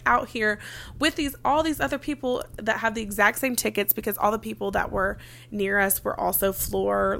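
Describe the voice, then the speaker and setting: Young woman, chatty vlogger storytelling, light vocal fry. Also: mid-range voice, fairly bright tone, slight background noise. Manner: chatty, frequent "like" fillers, casual swearing. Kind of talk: casual storytelling.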